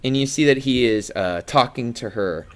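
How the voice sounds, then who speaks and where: A man's voice: medium pitch, normal speed. A man running a tabletop game as game master, describing scenes with frequent fillers.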